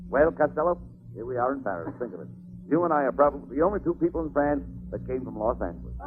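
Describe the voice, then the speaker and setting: A man playing the straight man in 1940s radio comedy, brisk, bossy and exasperated. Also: mid-range voice, animated, heavy background noise. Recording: tinny old radio broadcast with loud music.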